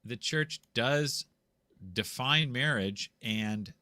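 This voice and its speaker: Man, bright voice, dry sound, rambling talk, restarts a lot, video call from home. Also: medium pitch, very slow, dry recording. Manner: rambling, with frequent restarts and repeated words. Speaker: guest explaining canon law. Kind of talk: casual conversational explanation. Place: home room with a green screen.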